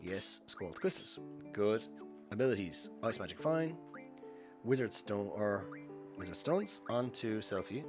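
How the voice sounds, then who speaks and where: This speedrunner talks over music in a fairly low, animated voice, moving a little slowly. He's live-commenting his gameplay, explaining every step to his audience and slipping in casual chat between the instructions.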